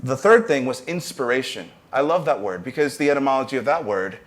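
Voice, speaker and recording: A man's voice: mid-range voice, lively intonation, a little fast. A man speaking on a panel as a university professor of arts entrepreneurship, earnest and motivational, with brief restarts. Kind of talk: panel discussion talk.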